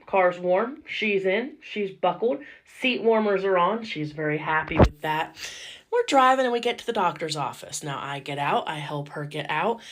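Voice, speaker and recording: A woman caregiver telling a story in a casual, lively and cheeky way, cussing freely. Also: medium pitch.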